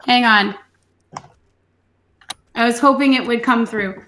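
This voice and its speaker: A woman's voice: on the high side, slow, sharp tone, a little hiss or hum. A woman player chatting casually during a tabletop game, rambling with fillers.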